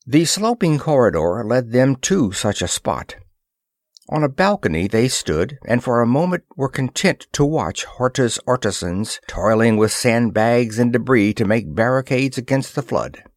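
A male narrator reads an old adventure story aloud with expressive, animated pitch. He keeps an unhurried pace, and the recording is dry and close. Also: no echo. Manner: expressive reading, does character voices. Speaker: audiobook narrator.

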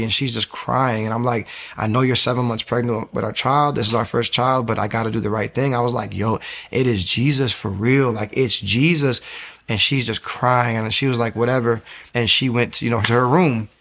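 A man giving an emotional personal testimony as an interview guest, telling his story quickly and acting out what people said. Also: medium pitch. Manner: fast, animated storytelling, acting out quotes.

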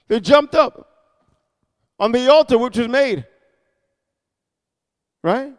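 A man preaching a sermon, reading scripture in a sing-song cadence and breaking into shouted, mocking asides. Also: very high-pitched, animated, slow pace, pauses often, long reverb tail.

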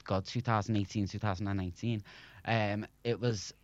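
Heard in a muffled recording with no room sound, this young Liverpool man speaks with a Scouse accent in a lowish, steady voice at normal speed. A former radio presenter, he's a frequently laughing guest in a casual interview chat from England.

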